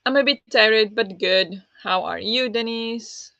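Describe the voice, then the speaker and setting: A woman's voice: fairly high pitch, measured pace, sharp tone, no room sound. A woman hosting a live book discussion stream, chatting casually and greeting viewers by name with lots of ums. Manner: chatty and friendly, many ums, answers chat by name. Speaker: livestream host of a book readalong. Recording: dull lo-fi mic, dry.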